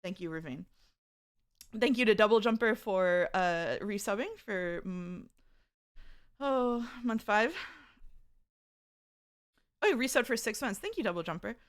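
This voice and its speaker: Expressive and measured, her mid-range voice pauses often. The woman is hosting a casual live-stream chat, reading viewers' messages out loud, chattering, and laughing frequently.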